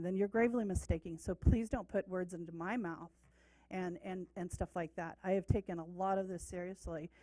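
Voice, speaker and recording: A woman's voice: lowish voice, darkish tone, no echo, poor audio. A middle-aged woman, a city council member, speaking from the dais at a council meeting in an insistent, emphatic way. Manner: emphatic, insistent, repeats points for force. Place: council chamber, seated at the dais.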